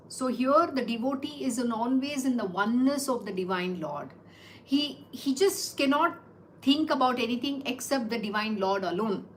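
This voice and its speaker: High-voiced woman teaching scripture. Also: slight background noise, low-quality recording. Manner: repeats phrases and asks rhetorical questions. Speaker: spiritual teacher. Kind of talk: explaining scripture verses.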